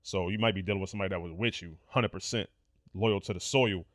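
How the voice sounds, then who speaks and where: A man's voice: low voice, quick pace, fairly bright tone, no room sound, clean studio sound. A man co-hosting a casual podcast chat, talking in a slangy, blunt way and swearing freely. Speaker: podcast co-host.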